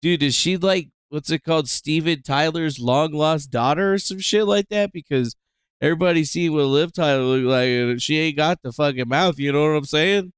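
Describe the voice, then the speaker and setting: A man's voice: a little high, moderate pace, smooth, no echo. Crude laughing male streamer, dry sound. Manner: crude, laughing, loose talk. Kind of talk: casual reaction commentary.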